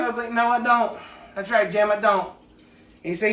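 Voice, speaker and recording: A man telling a rambling, profane comedic story in a deadpan way, full of tangents. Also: high voice, a little fast. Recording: echoey room, distant from mic.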